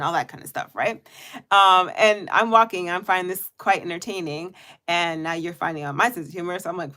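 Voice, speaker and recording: A woman chatting casually to her viewers in a weekly live check-in video. She laughs often and throws in animated quoted asides. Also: on the low side, moderate pace, clean tone. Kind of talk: casual chat. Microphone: headphones on.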